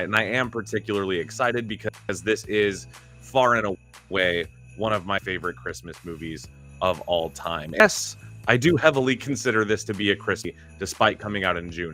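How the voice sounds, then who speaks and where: A man hosting a casual live stream, chatting with viewers and sounding a bit sick and hoarse. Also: fairly low pitch, pushed and bright. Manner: chatty, greets viewers by name. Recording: faint music in background.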